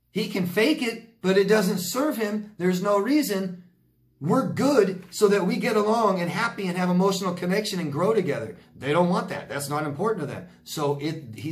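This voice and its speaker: A middle-aged man, a relationship coach, answering viewer questions in a casual, blunt, emphatic way that repeats points for stress. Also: a little high. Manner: blunt, emphatic, repeats himself, occasional swearing.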